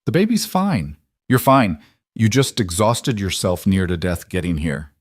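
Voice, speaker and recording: A man voicing an older woman midwife who speaks with blunt, calm authority. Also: sits low, a little slow, no echo, studio quality, full character voice. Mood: blunt, firm. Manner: blunt, commanding.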